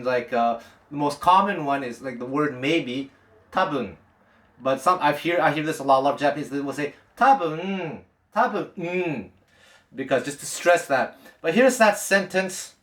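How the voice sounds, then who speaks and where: A man's voice: fairly high pitch, a bit bright. A man teaching jazz guitar in a casual, chatty way, wandering off into side stories as he talks. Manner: chatty and digressive, many restarts. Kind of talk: casual talk to camera. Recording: echoey room.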